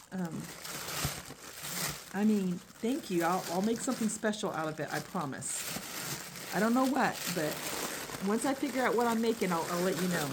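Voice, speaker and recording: A woman's voice: medium pitch, noisy background. Chatty woman crochet vlogger. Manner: chatty, frequent ums and restarts. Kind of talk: casual unboxing chat. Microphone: phone camera.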